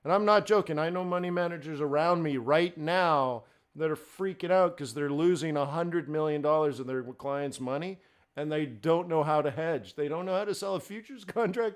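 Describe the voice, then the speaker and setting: A man's voice: a little high, normal speed, clear, resonant tone. A middle-aged man hosting a live forex trading stream, talking in a blunt, fired-up, ranting way.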